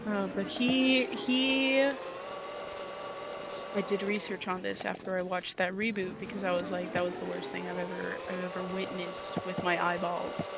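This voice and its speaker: A woman's voice: lowish voice, little pitch movement, normal speed, creaky, heavy background noise. A young woman chatting casually while she plays a video game, ranting in an exasperated way and often cutting herself off. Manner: ranting, exasperated, self-interrupting. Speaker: gaming vlogger. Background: music under the talk.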